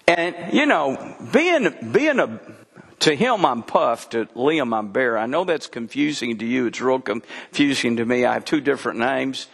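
An older pastor preaches slowly and deliberately, in a voice that climbs high and swoops widely as he drives his points home. He leans into folksy stories. His words ring out with a long reverb, as in a large hall. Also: expressive, creaky. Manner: folksy storytelling preacher, voice rising and dropping for emphasis. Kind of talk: sermon.

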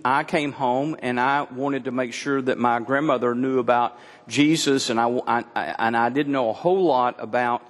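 A man preaching a sermon, telling stories with lively acted-out dialogue. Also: mid-range voice. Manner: animated storytelling, acting out dialogue. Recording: long reverb in a large room.

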